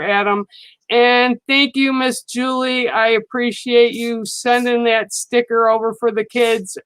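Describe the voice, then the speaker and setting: A woman giving a live card reading to viewers, speaking in a slow, soothing and reassuring way, often checking in with "okay?". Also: on the high side, a bit bright, no echo, poor audio. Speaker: psychic card reader on a livestream. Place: studio.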